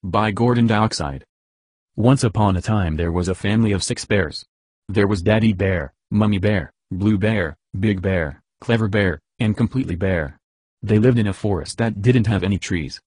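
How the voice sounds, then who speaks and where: Deadpan man reading a bedtime story. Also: on the low side, normal speed, dry recording.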